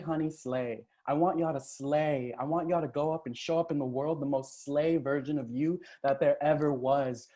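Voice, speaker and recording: Upbeat male coach with a mellow voice. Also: on the high side. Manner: upbeat, hyping the chat with cheers. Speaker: transformational coach. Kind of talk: live online coaching session.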